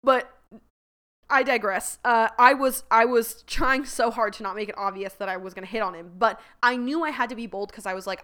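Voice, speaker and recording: A woman hosting a podcast, telling a story in a casual monologue, animated and laughing often, with lots of "like" fillers. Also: fairly high pitch, fairly quick, clear, resonant tone. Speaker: podcast host.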